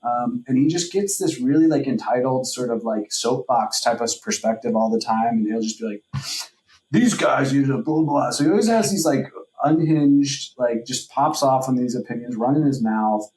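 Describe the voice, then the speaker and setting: A man holds forth on a casual podcast, rambling with lots of filler words and plenty of profanity. His voice sits at a middling pitch. The room around him is noticeably echoey. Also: normal speed, hardly any pauses, a little mellow. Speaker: podcast co-host. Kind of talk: casual chat.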